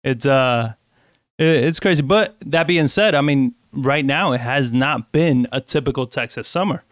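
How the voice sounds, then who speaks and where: A man co-hosting a casual talk show, chatting in a relaxed, rambling way with lots of fillers. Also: mid-range voice, moderate pace, no echo, studio quality. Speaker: podcast co-host. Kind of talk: casual chat.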